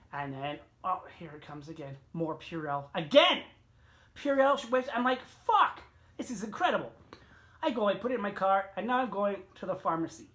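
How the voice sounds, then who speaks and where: A middle-aged man vlogging a casual, rambling story, swearing often, with sudden jumps in pitch and loudness.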